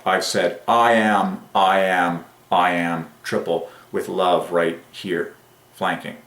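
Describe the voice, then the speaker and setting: A man hosting his own religious channel, talking alone with great excitement and stretching out key phrases slowly for emphasis. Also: low-pitched. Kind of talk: excited solo monologue on word numerology. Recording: roomy echo.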